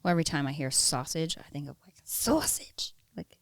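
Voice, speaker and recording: A woman's voice: low voice, fairly even intonation, very fast, no room sound, clean studio sound. A woman chatting casually on a podcast and laughing often. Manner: giggly, chatty. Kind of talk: casual chat.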